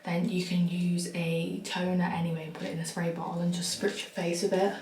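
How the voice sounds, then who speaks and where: A young woman talks casually into her phone, rambling from one frank aside to the next. Her voice has a roomy ring to it. Clear background noise runs beneath her voice. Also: lowish voice, little pitch movement, fairly quick, a little mellow. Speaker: lifestyle vlogger. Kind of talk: casual vlog chat to camera.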